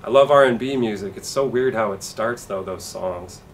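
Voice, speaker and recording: A man doing a stand-up comedy set with a dry, deadpan delivery and acted-out quotes. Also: lowish voice, normal speed, far from the mic, slight background noise.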